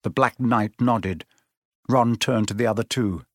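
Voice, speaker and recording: A man narrating a children's fantasy storybook in an even, measured reading. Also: on the low side, no room sound, studio quality. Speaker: audiobook narrator.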